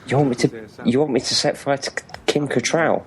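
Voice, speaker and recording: A man's voice: mid-range voice, a little fast. A man co-hosting a casual movie commentary podcast, trading dry, crude banter. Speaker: podcast co-host.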